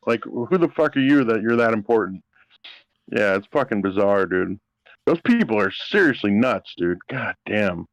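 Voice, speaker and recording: A man with a very lively, rising-and-falling voice chats loosely on a podcast. He swears freely and keeps tossing in "dude" as he talks. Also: lowish voice, normal speed, no room sound, rough recording. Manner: profane, says "dude" a lot. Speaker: podcast co-host. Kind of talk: crude casual chat.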